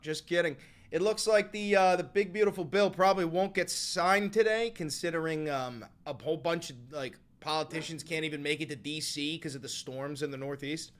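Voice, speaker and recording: A man hosting a casual political live stream, sarcastic and profane, sometimes erupting into sudden yelling, talking into a close desk microphone at a home setup. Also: on the high side, normal speed.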